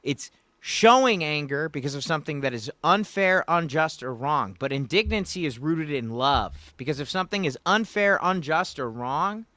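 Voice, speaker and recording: A man hosts a loose, rambling livestream and talks straight to the viewers in his chat in a folksy way. His voice is bright and forward, and the recording is close and dry, with no room sound. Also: a little high, animated, moderate pace, few pauses, dry recording. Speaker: livestream host. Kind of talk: casual livestream commentary. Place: Louisiana.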